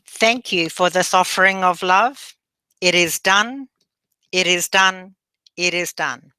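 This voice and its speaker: Meditation guide, female: slow and gentle, bright tone, dry close sound. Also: on the low side, clean tone, dry recording. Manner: slow, gentle instructions with repeat-after-me affirmations.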